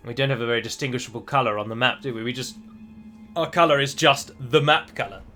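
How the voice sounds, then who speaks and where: A man's voice: medium pitch, quick pace, sharp tone, soft background music. A man commentating on his own strategy game play, chatty and self-deprecating, thinking his moves out aloud. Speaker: game streamer.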